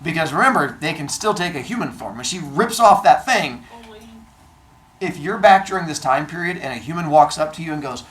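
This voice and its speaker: A male teacher telling a myth to his class in a classroom, animated and jokey, acting out voices as he goes. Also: fairly high pitch, a little fast. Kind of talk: storytelling to a class.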